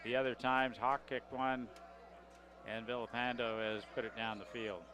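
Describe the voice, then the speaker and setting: A man with an average-pitched voice doing color commentary for a local high school football broadcast. He talks in a relaxed, conversational way and walks listeners through each play in everyday language. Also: normal speed. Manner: conversational, explains plays in plain talk.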